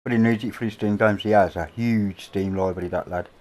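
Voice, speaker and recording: A middle-aged man with an English accent, hosting a casual livestream chat from a home, rambling and offhand with casual swearing, on a boom-mounted mic. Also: steady tone, a little fast, a little mellow. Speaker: livestream host. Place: indoors at a home. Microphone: boom-mounted microphone.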